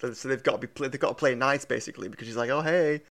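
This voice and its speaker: Male co-host, relaxed and hesitant, gravelly fry in the voice. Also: medium pitch, rapid-fire. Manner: laid-back, hesitant, swears casually. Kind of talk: casual chat.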